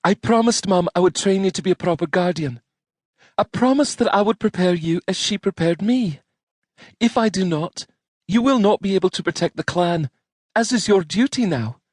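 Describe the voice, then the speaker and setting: A male audiobook narrator voicing an earnest young Highland woman, proud and anxious, pleading in a strained, urgent voice. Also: lively intonation, moderate pace, no room sound, studio quality. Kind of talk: audiobook character voice.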